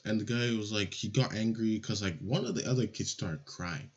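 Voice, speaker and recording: A young man from Nigeria telling a childhood story in a casual, animated, profane way. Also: fairly low pitch, moderate pace, slightly rough. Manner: animated, swears a lot, acts out voices. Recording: lo-fi audio.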